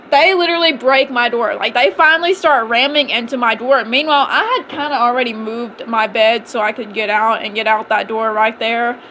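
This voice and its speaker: A woman's voice: a little high, a bit bright, a little hiss or hum. A young woman casually telling a storytime tale, chatty and self-mocking, with lots of "like" fillers. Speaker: vlogger.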